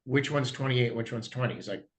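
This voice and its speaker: A man, a guest diamond dealer in a casual interview, telling anecdotes and acting out both sides of the dialogue, clearing his throat now and then. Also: medium pitch, a little fast.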